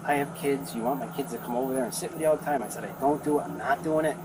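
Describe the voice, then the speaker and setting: On noisy outdoor body camera audio, a young neighbor gives police a rambling statement about what happened, acting out what other people said. His voice is mid-range and rapid-fire.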